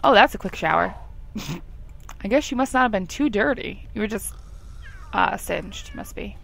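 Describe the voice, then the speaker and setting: A woman's voice: medium pitch, animated, a little slow, vocal fry, a little hiss or hum. A young woman giving casual, chatty commentary over a life-simulation game, laughing often and talking to the characters. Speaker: gameplay commentator. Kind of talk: casual let's play commentary.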